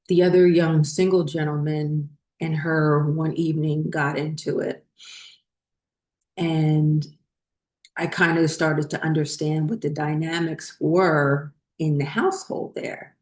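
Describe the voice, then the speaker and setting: A woman with a low, deep voice recounts a personal story in a loose, meandering way, pausing on fillers and restarting her sentences. Her voice echoes around the room she is recorded in. The tone is casual and conversational. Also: little pitch movement, darkish tone. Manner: rambling, many fillers and restarts. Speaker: spiritual channel host.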